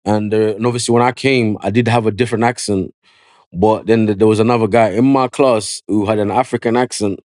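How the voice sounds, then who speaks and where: Low-voiced barber telling his story. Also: a little fast, dry recording, clean studio sound. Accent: London. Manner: animated storyteller, slangy, repeats "yeah" and "you know what I mean". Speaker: barber, podcast guest. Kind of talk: casual storytelling interview. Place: podcast studio.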